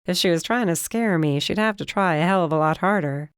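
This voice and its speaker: A woman reads first-person fantasy narration in a steady, measured way. Her voice sits on the low side and sounds close and dry, with no room sound at all. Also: clean tone, no echo. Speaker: audiobook narrator.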